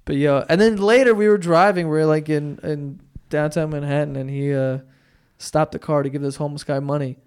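A young man with a high voice hosts a casual podcast chat. He tells loose, profane stories and acts out the people in them with lively energy. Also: fairly quick, clear, resonant tone. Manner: loose storytelling, profane, animated retellings. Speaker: podcast host.

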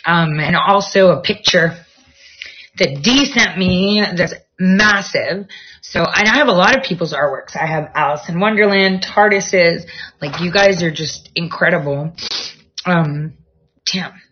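Husky rambling woman on a lo-fi vlog. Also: lowish voice, a little slow. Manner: rambling, jumps from topic to topic. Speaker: vlogger. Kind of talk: casual chat to viewers. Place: at home, near a bedroom studio.

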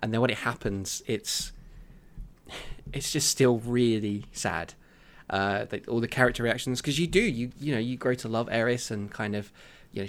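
Brief: man co-host, animated, teasing, mid-pitched. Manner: animated, teasing, mimics others. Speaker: podcast co-host. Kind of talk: casual chat.

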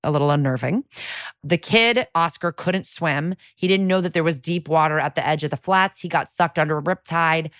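Podcast co-host, woman, deep-set speaking voice, breezy recap tone, dead-dry sound. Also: fairly bright tone, no room sound. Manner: chatty, acts out quotes in quick voices. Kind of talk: casual episode recap.

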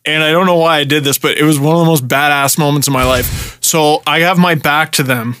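A young man from Canada, a podcast host telling a story in casual chat, animated and swearing freely. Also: a little high, fairly quick, a little hiss or hum. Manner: animated, swearing, acts out shouted quotes.

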